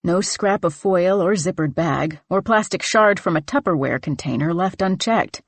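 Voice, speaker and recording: Low-voiced woman narrating horror. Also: expressive, moderate pace, no room sound. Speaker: audiobook narrator.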